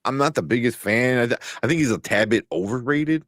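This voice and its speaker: A man co-hosting a casual show chat, animated, laughing often and restarting his sentences. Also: mid-range voice, brisk, dry recording, studio quality. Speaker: co-host.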